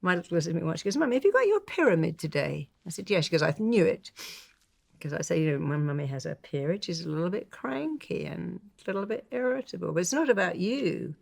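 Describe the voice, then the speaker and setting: A woman's voice: fairly low pitch, quick pace, vocal fry, a little mellow. An older woman therapist in a conversational interview, telling stories animatedly and acting out the quoted voices. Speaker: therapist guest.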